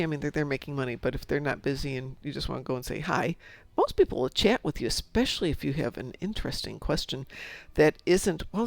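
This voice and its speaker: Chatty middle-aged woman with a gravelly voice. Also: low voice, darkish tone, dry recording. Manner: chatty, rambling, self-talk while playing. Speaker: game streamer. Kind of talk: casual chat while gaming.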